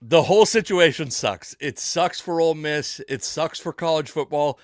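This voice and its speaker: A man hosting a podcast, talking in an excitable, casual way. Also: a little high, normal speed, no room sound, clean studio sound. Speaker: podcast host. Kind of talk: casual chat.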